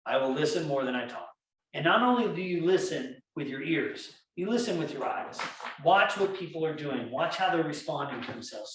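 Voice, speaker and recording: A man giving a conference lecture on workplace safety, animated and storytelling, acting out the voices in his examples. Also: fairly high pitch. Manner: animated storytelling, acts out quoted dialogue. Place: lecture hall. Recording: echoey hall, speaker far from mic, faint noise.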